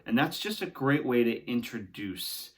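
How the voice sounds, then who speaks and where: Guy coaching a vocal warmup, keeps asking right?, mid pitched voice. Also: animated, unhurried. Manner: encouraging, talks along with exercises, often ends with "right?". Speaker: singing teacher. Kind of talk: guided vocal warm-up lesson.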